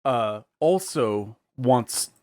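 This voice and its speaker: A man co-hosting a casual film podcast, retelling scenes with lively acted-out voices and frequent laughter. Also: mid-range voice, drawn-out words, dry recording, clean studio sound. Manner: animated, acts out film scenes in put-on voices, laughs often. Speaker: podcast co-host.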